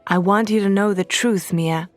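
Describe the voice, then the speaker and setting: A woman reading an audiobook voices a serious middle-aged father who is a prince, speaking in a measured, grave way. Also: mid-range voice, steady tone, faint music behind, lightly acted.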